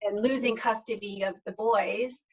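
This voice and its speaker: An earnest middle-aged woman, guesting on a podcast, reflects on her own story and often loops back to restart a phrase. Her mid-range voice, ordinary for a woman, is slightly rough, fairly even, and moderately paced. The lo-fi audio sounds a little dull.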